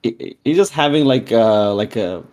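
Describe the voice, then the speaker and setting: A male tabletop player who speaks in a hesitant, meandering way, full of fillers. His pitch sits in a middle range. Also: animated, normal speed, darkish tone. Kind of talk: casual tabletop play.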